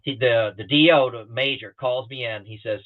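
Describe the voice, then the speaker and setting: A middle-aged man from the Southeastern United States, a guest pilot on a podcast, telling stories with lively energy and acting out other people's lines. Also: mid-range voice, moderate pace. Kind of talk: storytelling in a podcast interview. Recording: thin phone-like remote call audio.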